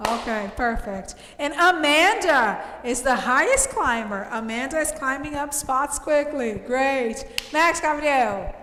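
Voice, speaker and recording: A woman English teacher from Brazil reviewing a class quiz, explaining slowly and cheering her students on. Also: high-pitched, lively intonation, sharp tone. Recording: echoey room with long reverb.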